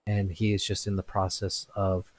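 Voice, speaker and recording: A man's voice: deep voice, completely flat delivery. A man narrating a tabletop game as game master, with frequent restarts and fillers. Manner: halting, many restarts and fillers.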